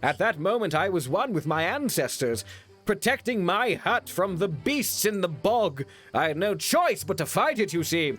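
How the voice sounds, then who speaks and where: A man doing a pompous young Victorian gentleman. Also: high voice, sing-song, normal speed, soft background music, pitched above the performer's own voice, heavily acted. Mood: grandiose. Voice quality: grandiose, theatrical delivery. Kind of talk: tabletop role-play voice.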